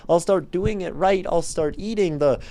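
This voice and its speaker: A man hosting a livestream and improvising spoken word poetry, musing softly and then suddenly loud, laughing at himself and chatting to viewers between lines. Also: high-pitched, normal speed. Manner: free-associating, musing, soft and intimate, then suddenly loud. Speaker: livestream host.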